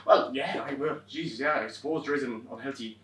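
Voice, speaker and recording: A young Irish man performing a wry comic monologue on a theatre stage, swearing and animated as he tells a story. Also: medium pitch, brisk, slight background noise, close to an everyday voice. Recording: roomy stage from far off.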